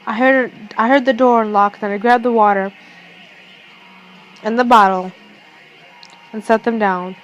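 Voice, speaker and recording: A young woman reading a first-person fan fiction story aloud, haltingly, with restarts. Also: fairly high pitch, steady tone, faint music behind, poor audio.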